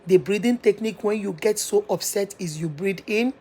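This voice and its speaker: A woman speaks from her office in a relaxed, mellow voice, giving motivational advice to her followers. She drives each point home by repeating it, in an earnest, almost preachy manner. A faint background noise sits under her voice. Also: medium pitch, moderate pace. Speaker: channel host giving life advice. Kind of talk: motivational advice talk to viewers.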